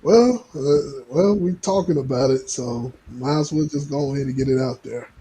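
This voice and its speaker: A man's voice: medium pitch, moderate pace, dark tone, slight background noise, low-quality recording. A man chatting casually on a podcast, easygoing and a little hesitant. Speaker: podcast co-host.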